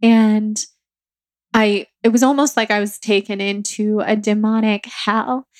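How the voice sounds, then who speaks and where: A woman's voice: medium pitch, steady tone, a little slow, no room sound. A young woman hosting her own podcast, candidly retelling a personal experience in a rambling, filler-heavy way. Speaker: podcast host. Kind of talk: personal storytelling monologue.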